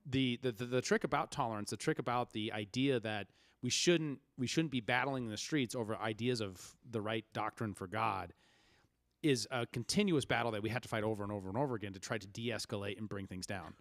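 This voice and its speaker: A man's voice: on the low side, fairly quick, fairly bright tone, dry recording. Male podcast co-host, lecturing casual manner, dry close sound. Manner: explanatory, lecturing. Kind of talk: casual chat.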